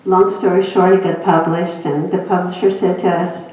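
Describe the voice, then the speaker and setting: Older woman guest speaker, lively anecdotes, recorded from far back in a very echoey church hall with a muffled, dull sound. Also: fairly low pitch, normal speed. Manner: chatty, animated anecdotes with laughter. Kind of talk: humorous personal storytelling talk.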